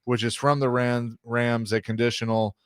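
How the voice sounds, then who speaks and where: A man with a middle-pitched voice hosts a sports radio show in a relaxed, chatty way. He laughs easily and reads out news notes and lists of draft picks. His voice is close and dry on a studio microphone. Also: normal speed, clean tone, no room sound. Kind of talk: casual sports radio talk.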